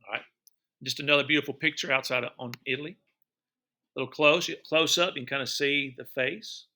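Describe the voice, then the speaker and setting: Chatty bright-voiced male teacher. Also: mid-range voice. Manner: chatty, enthusiastic, repeats words and quizzes listeners. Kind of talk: narrating a travel photo slideshow for students.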